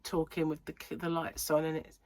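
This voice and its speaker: A woman's voice: deep voice, monotone, moderate pace, darkish tone, no room sound. A woman hosting a crochet channel, chatting casually to camera at home with rambling, giggly anecdotes, sounding a little congested and out of breath. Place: home room under lights.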